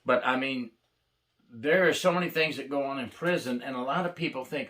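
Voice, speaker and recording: A man's voice: medium pitch, brisk, sharp tone. Blunt older man telling prison stories. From United States. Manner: blunt, wry, plainspoken. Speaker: retired corrections officer sharing stories. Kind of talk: casual storytelling to camera.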